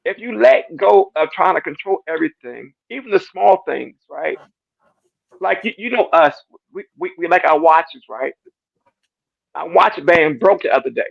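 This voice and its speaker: A man sharing a casual church testimony, animated and repetitive, acting out his talks with God. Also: on the high side, moderate pace, gravelly. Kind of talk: casual church panel discussion. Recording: dull lo-fi dry sound.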